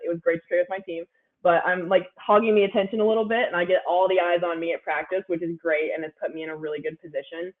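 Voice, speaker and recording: A young woman in her twenties, an athlete guest giving upbeat, chatty interview answers full of "like"s. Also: on the low side. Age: 20s. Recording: phone-like narrow line.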